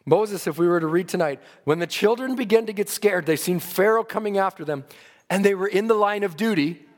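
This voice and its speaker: Man preacher, high voice, earnest sermon delivery, long church-hall reverb. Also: a little fast. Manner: earnest preaching, rising and falling in emphasis.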